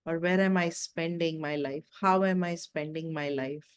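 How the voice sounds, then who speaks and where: A woman's voice: sits low, steady tone, moderate pace, clean tone. A woman hosting a spiritual wellness talk, telling a fable and asking the listener reflective questions. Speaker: meditation talk host.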